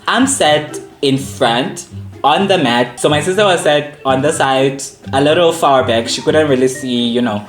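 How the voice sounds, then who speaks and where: A young man chats to his camera in a playful, theatrical way, drawing out words for comic effect. His voice rings in an echoey room. Faint music plays underneath. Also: mid-range voice. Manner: playful, dramatic, drawn-out emphasis. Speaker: vlogger. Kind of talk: casual comedic chat to camera.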